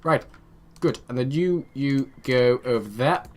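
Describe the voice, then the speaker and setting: A man's voice: medium pitch, measured pace, slight background noise. Rambling young man narrating his gameplay. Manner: rambling, talks to his game units, muttering asides. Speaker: gaming video host. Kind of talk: casual let's-play commentary.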